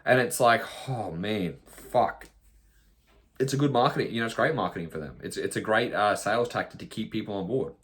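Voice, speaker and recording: A man, a nutrition coach, talking bluntly in a podcast monologue, swearing often and mimicking clients in quick asides. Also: fairly low pitch, lively intonation, a bit bright.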